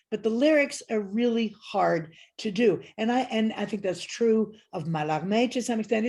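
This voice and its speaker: Her medium-pitched voice has a darkish, slightly rough tone. She is a guest critic on a video call in a casual academic discussion, talking frankly, wandering off topic, and frequently correcting herself.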